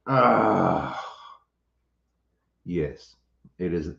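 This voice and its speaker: He has a fairly low, expressive voice with a darkish tone and a measured pace. As host of a homestead channel, he chats jokingly with livestream viewers and reads out what they write. The audio sounds roomy, dull and lo-fi.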